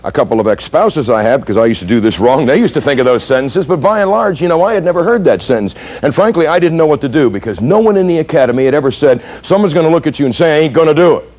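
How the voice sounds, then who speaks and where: A man's voice: medium pitch, quick pace, few pauses. A man from the United States who trains police, telling stories in a lecture and quizzing his audience. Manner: animated, punchy storyteller who asks the audience questions. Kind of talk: storytelling lecture.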